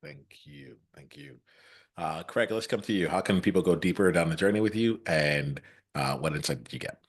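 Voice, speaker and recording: A man hosting a podcast panel, talking in a reflective, halting way with lots of restarts and fillers, from the United States, on a video call. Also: deep voice, husky. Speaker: podcast host. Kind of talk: casual podcast panel wrap-up.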